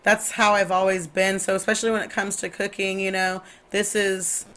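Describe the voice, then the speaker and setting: Female guest cook, casual, laughing storyteller, mid-pitched. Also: normal speed. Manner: animated storyteller who laughs often. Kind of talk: casual podcast chat.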